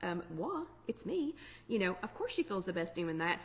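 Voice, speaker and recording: A woman's voice: on the low side, very animated, normal speed. Chatty woman hosting a live chat. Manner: chatty, upbeat, warm Southern-flavored asides with lots of fillers. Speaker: online weight-loss chat host. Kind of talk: casual live-stream chat.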